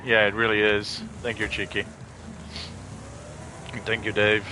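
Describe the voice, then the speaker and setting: A man's voice: lowish voice, monotone, unhurried, noisy background. A man streaming a racing game, chatting casually, rambling and swearing freely. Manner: laid-back, rambling, swears freely, emotional when thanked. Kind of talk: casual live-stream chat while gaming.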